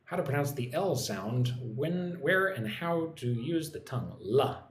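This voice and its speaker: Man from the united states, english teacher on a live stream, lively pitch, echoey room, faint background noise. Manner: explains words slowly, repeats with "right?".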